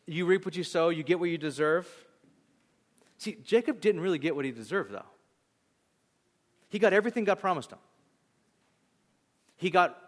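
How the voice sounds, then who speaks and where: A male pastor preaching a sermon, telling a story animatedly and acting out its lines in shifting voices. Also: fairly high pitch. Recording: long hall reverb.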